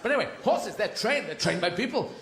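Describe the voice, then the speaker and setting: A man's voice: high-pitched, animated, fast talker, a bit bright, a little hiss or hum. A male stand-up comedian, rambling and digressive, acting out scenes in a live routine. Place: live venue with audience. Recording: roomy live venue.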